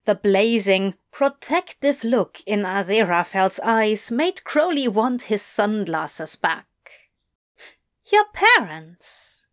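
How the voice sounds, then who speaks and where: A woman narrating fiction in an audiobook, reading in a measured, expressive way. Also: mid-range voice.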